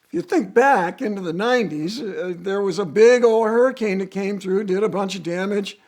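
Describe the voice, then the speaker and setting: A man, a racer, telling a casual car story in an animated, storytelling way. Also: moderate pace. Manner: animated storytelling with swings in pitch and volume. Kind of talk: casual anecdote.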